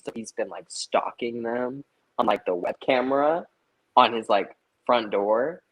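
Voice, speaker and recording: A man's voice: mid-range voice, a little slow, a bit bright, low-quality recording. A young man, a guest on a live stream, telling a story in casual chat, swearing a lot and filling with "like". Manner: profane, lots of "like" fillers.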